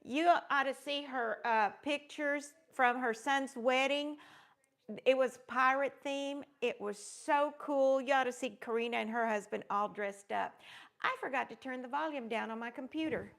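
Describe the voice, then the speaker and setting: A woman's voice: high voice, normal speed, gravelly, a bit bright. A woman hosting a casual crafting livestream, gushing as she greets viewers by name and rambling along with plenty of fillers. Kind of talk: casual live-stream chat.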